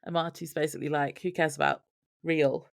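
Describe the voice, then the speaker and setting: A woman's voice: low voice, little pitch movement, brisk, vocal fry. A woman co-hosting a podcast, chatting casually about a TV episode, reading out her notes and laughing often. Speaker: podcast co-host. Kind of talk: casual chat recapping a TV episode.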